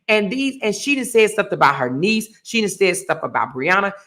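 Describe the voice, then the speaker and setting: A woman's voice: mid-range voice, very animated, normal speed, fairly bright tone. A woman hosting her own livestream and ranting in a heated, blunt, profane way, repeating her points. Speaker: livestream host. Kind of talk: casual livestream rant.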